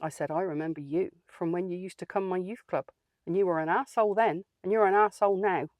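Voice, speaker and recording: A woman's voice: fairly low pitch, steady tone, quick pace, no room sound, highs cut off, close to an everyday voice. A woman playing a feisty, outspoken older lady, telling a comic story in a dry, sardonic way. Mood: wry. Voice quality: dry, plain-spoken and sardonic. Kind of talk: comic character monologue.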